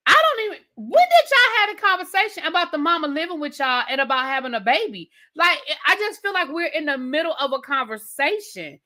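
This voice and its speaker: Incredulous, bright-voiced woman ranting. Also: high-pitched, sing-song. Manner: blunt, incredulous, rapid-fire rhetorical questions. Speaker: TV review host. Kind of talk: casual rant review.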